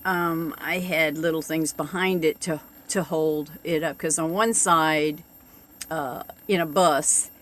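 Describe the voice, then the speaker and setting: A woman, telling a story to her vlog audience in a casual, exasperated and animated way. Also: low-pitched, slow. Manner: chatty, exasperated, animated retelling with laughs. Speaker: vlogger. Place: living in a bus, camping.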